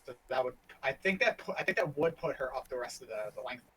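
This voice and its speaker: A man's voice: mid-range voice, animated, fast, bright, forceful tone, a little hiss or hum, poor audio. A man playing a tabletop game, hesitant and hedging, often restarting his sentences. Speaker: player. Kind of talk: casual tabletop game chat.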